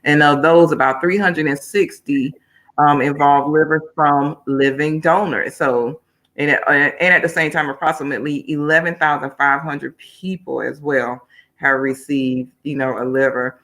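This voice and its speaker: An upbeat woman from Miami hosts a livestream talk show. Her voice is bright and ringing, and she keeps things loose and colloquial, calling out to viewers as she goes. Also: sits low, fairly even intonation, normal speed. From Miami, Florida. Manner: upbeat, chatty, colloquial, talking to viewers' comments. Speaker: host.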